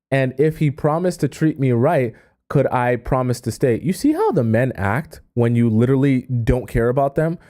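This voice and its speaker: A male dating coach on a live stream, with a mellow, warm-toned voice at an ordinary pitch. He reads a viewer's story aloud and breaks in with exasperated, incredulous asides and quick advice.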